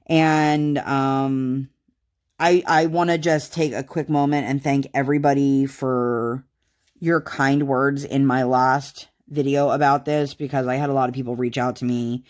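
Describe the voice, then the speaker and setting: A woman's voice: rumbling low, steady tone, unhurried, a little mellow. A woman in her thirties chatting casually to the camera as a craft vlogger, rambling along with lots of fillers. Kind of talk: casual chat.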